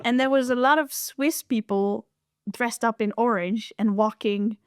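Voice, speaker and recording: A woman's voice: fairly high pitch, measured pace, smooth, no room sound, clean studio sound. A woman, co-hosting a casual podcast chat, talking freely and laughing often. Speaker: podcast co-host.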